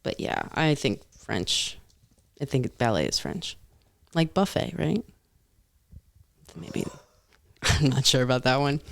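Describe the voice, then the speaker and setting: Chatty young woman with a gravelly edge. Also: rumbling low, big pitch swings, slow, long pauses. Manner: rambling, full of "like" and restarts. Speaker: stand-up comedian, podcast guest. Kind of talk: casual chat.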